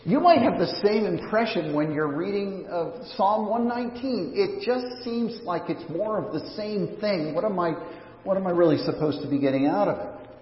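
A man's voice: high-pitched, expressive, normal speed. A pastor preaching a sermon in a conversational, searching way, often restarting his sentences, recorded in a church sanctuary. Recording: echoey church hall, dull lo-fi sound.

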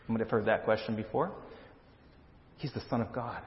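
A man's voice: lowish voice, a little fast. A man preaching a sermon as pastor, earnest and emphatic, often restarting his words. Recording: dull lo-fi sound with long reverb in a hall.

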